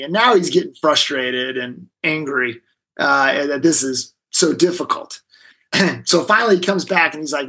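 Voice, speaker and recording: A man, a guest in an interview, telling an animated story and acting out the other people's lines. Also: fairly high pitch, moderate pace, husky, rough recording. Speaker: guest, negotiation expert. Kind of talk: storytelling in a conversation.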